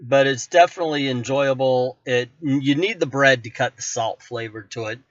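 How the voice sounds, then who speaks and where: A man giving a relaxed, conversational voice-over food review, with self-corrections along the way. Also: mid-range voice, moderate pace, dry recording. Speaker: vlogger host. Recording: dry, muffled lo-fi voice-over.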